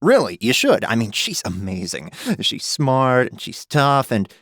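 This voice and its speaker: A woman's voice: very deep voice, big pitch swings, a little slow, dry recording, studio quality, voice pushed down, exaggerated voice. A woman narrator voicing a nervous, stammering husband in an audiobook. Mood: flustered. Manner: stammering, hesitant.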